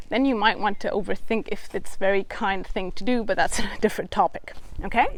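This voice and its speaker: A woman mental coach giving step-by-step advice in a calm, encouraging vlog. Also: fairly high pitch, dry recording.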